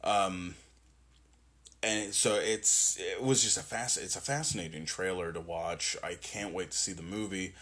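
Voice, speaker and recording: A young man co-hosting a podcast, chatting casually, animated, swearing and laughing often. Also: sits low, measured pace. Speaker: podcast co-host. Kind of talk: casual chat.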